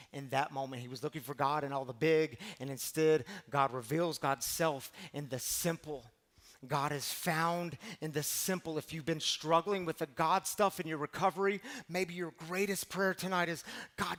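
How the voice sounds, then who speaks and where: A middle-aged man preaching a recovery sermon, animated storytelling that swings from loud to hushed. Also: on the high side, moderate pace. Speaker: pastor of a recovery community.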